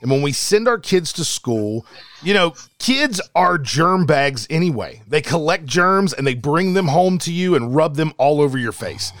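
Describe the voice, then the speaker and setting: A man's voice: fairly high pitch, lively intonation, moderate pace, fairly bright tone, no echo. Emphatic man moderating a podcast debate. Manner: emphatic, pressing questions.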